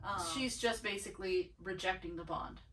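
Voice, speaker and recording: A woman co-hosting a casual book club podcast, thinking out loud with lots of fillers and restarts. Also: medium pitch, normal speed, far from the mic, poor audio. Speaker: podcast co-host.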